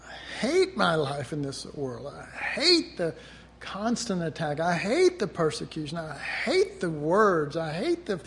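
A man's voice: on the high side, wildly swooping pitch, a little slow, fairly bright tone, a little hiss or hum. A middle-aged man preaching a sermon in a conversational way, often acting out the voices he quotes.

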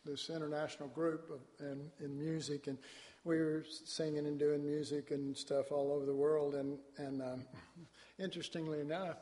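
A man's voice: a little high, level tone, moderate pace, warm tone. A man from Dallas, Texas, preaching a sermon in a folksy, storytelling way with colloquial asides. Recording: long hall reverb.

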